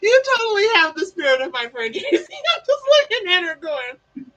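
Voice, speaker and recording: A woman chats on her stream in a high, lively voice. She is bubbly, laughs often and slips into silly voices. Her tone is bright and animated. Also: normal speed. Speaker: livestream host. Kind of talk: casual chat.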